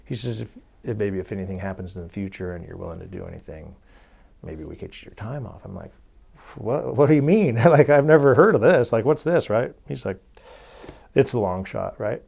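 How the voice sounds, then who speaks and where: A young man with a Californian accent recounts his story as an interview guest. His voice sits low, with a husky, gravelly edge. He acts out the people in his story and keeps checking in with "right?". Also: brisk, a little mellow.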